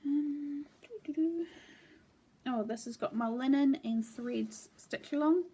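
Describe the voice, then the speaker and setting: A woman sits at home chatting through her needlework projects. Her voice sits a little high, and her talk wanders easily, full of small hesitations. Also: unhurried, a little hiss or hum. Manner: relaxed, meandering, with frequent ums. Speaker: cross-stitch vlogger. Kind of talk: casual show-and-tell chat.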